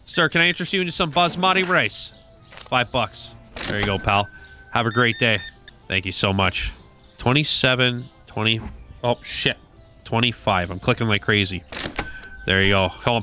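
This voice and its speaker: A man's voice: mid-range voice, expressive, brisk, pauses often, bright, forceful tone, soft background music. A man narrating a shop game, chatting to customers in a cheery shopkeeper manner. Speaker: gaming YouTuber. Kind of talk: playful let's-play commentary.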